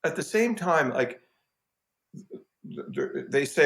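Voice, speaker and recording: A middle-aged man, a composer, telling stories in a casual interview, self-deprecating and halting, with many restarts. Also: on the high side, lively intonation, gravelly, a bit bright. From Canada. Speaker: film and TV composer, guest.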